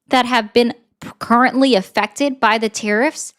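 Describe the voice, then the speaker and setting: A woman political commentator arguing and lecturing, talking fast in bursts. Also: a little high. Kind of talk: argumentative commentary.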